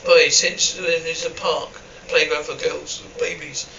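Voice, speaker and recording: A man's voice: on the high side, fairly even intonation, unhurried, pushed and bright, slight background noise. A man reading a dramatic story aloud, voicing every character and reading the stage directions between lines. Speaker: narrator reading all parts. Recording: roomy, dull, distant from the mic.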